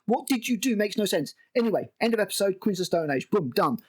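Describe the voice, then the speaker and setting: A man's voice: sits high, lively intonation, fast talker, darkish tone. A man recapping a TV episode as a review host, exasperated and sarcastic and swearing freely.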